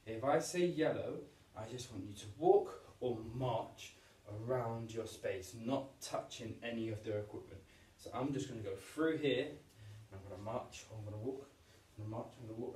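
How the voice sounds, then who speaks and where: A man's voice: mid-range voice, moderate pace, hardly any pauses, darkish tone. A man leads young children through a PE lesson from home, upbeat and encouraging as he counts down and shows each move. He stands a way off from the camera, so his voice is distant. The room gives it a roomy echo. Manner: upbeat, encouraging, demonstrating moves while talking. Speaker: PE teacher.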